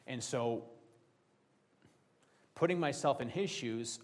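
A man's voice: medium pitch, a little slow, pauses often. Middle-aged man preaching a conversational sermon. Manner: conversational, with personal stories and scripture quotes. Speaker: pastor.

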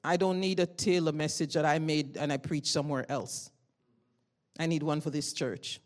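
A woman preaching a sermon in a loud, fervent way, telling stories in a conversational tone that climbs into emotional bursts. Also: low voice, fairly even intonation, normal speed.

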